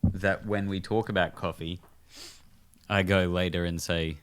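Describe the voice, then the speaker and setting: A man on a podcast chatting casually, rambling through deadpan made-up facts and jokes. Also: deep voice, measured pace, clean tone. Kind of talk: casual chat.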